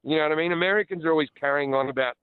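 An Australian man in his forties, a comedian chatting and joking as a radio guest with quick restarts over the phone. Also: a little high, smooth, no room sound. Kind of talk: casual radio interview. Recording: tinny phone line.

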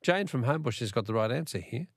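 Australian radio quiz host with a gravelly voice. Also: male voice, medium pitch, animated, fast, no echo, clean studio sound. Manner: chatty, repeats the question and phone number to coax callers. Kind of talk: live talkback radio quiz. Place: radio studio.

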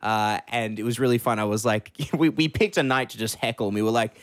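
A playful co-host trades banter on air with nerdy enthusiasm and frequent laughter. The voice sits mid-pitch, close and dry with no room sound. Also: fairly even intonation, fairly quick, dry recording. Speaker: radio co-host. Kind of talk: casual radio chat. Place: radio studio.

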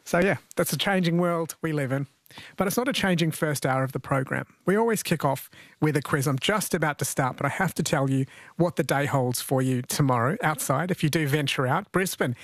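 A man hosting a call-in radio quiz, chatty and playful, often laughing with callers. His voice is a touch high for a man. The studio sound is dry and close. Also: a little fast, dry recording. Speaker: radio host.

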